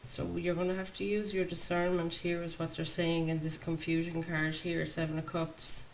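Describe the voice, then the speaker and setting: A woman's voice: fairly low pitch, level tone, normal speed, poor audio. A woman doing a chatty, enthusiastic tarot reading, talking to her viewers. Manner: enthusiastic, chatty, laughs often. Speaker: tarot reader. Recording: faint background noise.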